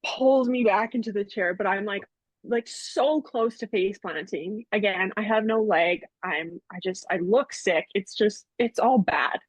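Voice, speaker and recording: A woman's voice: mid-range voice, no room sound. A young woman telling personal stories as a podcast guest, chatty, with lots of fillers and laughs. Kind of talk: casual storytelling interview. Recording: dull, slightly muffled audio.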